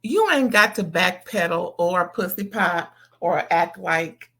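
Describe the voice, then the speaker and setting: Woman, put-on Southern accent, unhurried, sassy vlog commentator. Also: lowish voice, animated, a bit bright, husky. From California. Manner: chatty, sassy, slangy asides to viewers. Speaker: reality TV reviewer.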